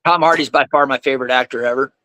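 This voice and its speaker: A man speaking as a guest in casual conversation, telling stories in an animated way and acting out the people he quotes. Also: mid-range voice, racing, no echo, poor audio. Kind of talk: casual storytelling.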